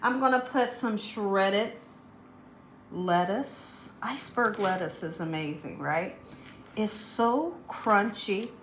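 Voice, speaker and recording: A woman's voice: medium pitch, slow, fairly bright tone, a little hiss or hum. Woman, home cooking host, enthusiastic, talks to viewers, roomy kitchen sound. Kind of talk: casual home cooking demonstration.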